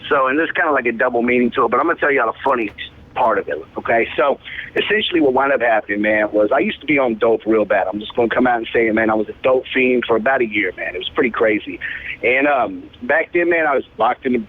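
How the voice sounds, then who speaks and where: A young man in his twenties tells his story in loose, profane street slang, tacking "man" onto nearly every sentence. He speaks at a mid pitch as a rapper being interviewed. The sound is thin and tinny, like a phone line. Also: fast talker. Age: 20s. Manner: laid-back, profane street slang, says "man" constantly. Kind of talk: casual storytelling.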